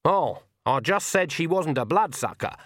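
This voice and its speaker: A stern and shrewd old witch woman, played by a man reading a storybook, talking in a dry, calm, cutting way. Her lines are lifted a little above his plain reading voice, and the recording is close and dry. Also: on the high side, normal speed, no echo, voice pushed up.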